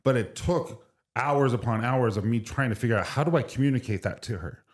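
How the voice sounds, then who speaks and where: A man in his forties, a brand co-founder appearing as a podcast guest, tells a candid, emotional story in casual chat with frequent restarts. His voice is mid-range and a little fast.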